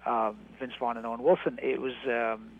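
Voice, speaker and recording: Gravelly man on a tinny line. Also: mid-range voice, level tone. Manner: reflective, halting with many fillers and restarts. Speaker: actor and guest. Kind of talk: interview conversation.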